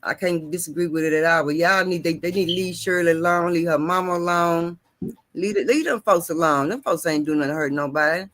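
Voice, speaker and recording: A man's voice: a little high, a little fast, a bit bright. A man hosting a casual chat, emphatic and repeating himself for effect. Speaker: host.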